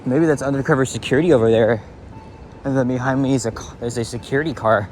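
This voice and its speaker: A man's voice: mid-range voice, steady tone, fast, darkish tone. A man casually narrating while he walks a city street at dawn, rambling with lots of fillers and the odd swear word, recorded on a handheld camera mic. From Canada. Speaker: walking vlogger. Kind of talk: casual walking commentary. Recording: faint street noise outdoors.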